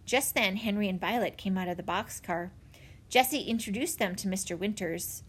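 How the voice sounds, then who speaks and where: A woman narrating a children's chapter book in an expressive storytelling manner. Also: mid-range voice, normal speed, breathy edge. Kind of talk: audiobook narration.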